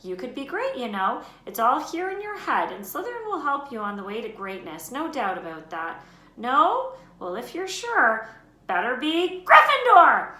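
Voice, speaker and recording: A woman voicing a musing old magical talking hat in a high, thoughtful voice. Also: very animated, fairly quick, hardly any pauses, sharp tone. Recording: roomy echo.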